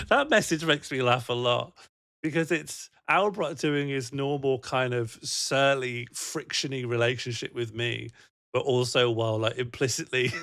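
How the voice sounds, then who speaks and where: A man's voice: medium pitch, moderate pace, vocal fry, fairly bright tone. A young man chatting on a livestream, reading out chat messages and laughing often in a rambling, playful way. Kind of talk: casual live-stream chat.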